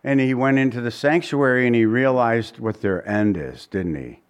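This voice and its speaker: A man's voice: medium pitch, expressive, moderate pace, smooth. A man preaching a sermon in a conversational way, often asking his listeners questions and chuckling between points. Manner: restarts often, chuckles now and then. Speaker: pastor.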